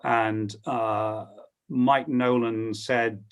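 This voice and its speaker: A man's voice: medium pitch, steady tone, normal speed. A middle-aged man, a sports broadcaster on a panel, telling his career story with plenty of ums. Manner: storytelling, hesitant with frequent ums. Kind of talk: anecdotal panel talk.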